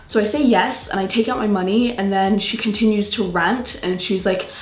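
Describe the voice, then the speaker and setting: A woman's voice: mid-range voice, normal speed, reverberant. Exasperated young British woman vlogger. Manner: animated, exasperated, laughing storytelling. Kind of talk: storytime vlog.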